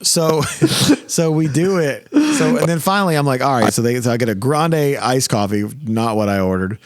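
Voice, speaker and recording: A man's voice: medium pitch, sing-song, normal speed, no echo, clean studio sound. A man in his thirties hosting a podcast, telling stories in a profane, ranting way in casual chat. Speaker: podcast host.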